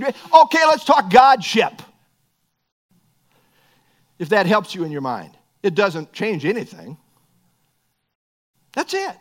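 A man's voice: high voice, sing-song, slow pace, long pauses. A middle-aged man preaching a sermon as pastor, earnest and building to emphatic bursts.

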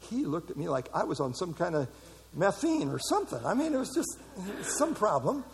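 A middle-aged man preaching a sermon, emphatic, with dramatic pauses. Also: high-pitched, sing-song, creaky, breathy edge. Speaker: pastor.

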